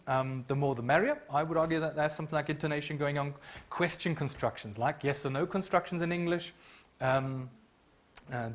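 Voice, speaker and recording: Man lecturing, fairly high voice. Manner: explanatory, hedging with frequent ums, hums chant tunes. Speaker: university lecturer. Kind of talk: academic lecture. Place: university lecture room. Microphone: microphone.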